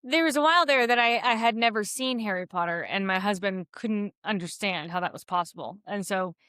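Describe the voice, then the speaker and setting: Bright, thoughtful woman podcast host. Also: medium pitch, clean tone, no room sound, clean studio sound. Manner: thoughtful, hesitant restarts, measured. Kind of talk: casual conversational chat.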